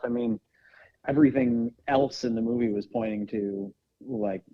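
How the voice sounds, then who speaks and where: A man's voice: medium pitch, warm tone, low-quality recording. A man co-hosting a casual podcast, explaining and speculating at length. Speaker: podcast co-host. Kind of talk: casual review chat.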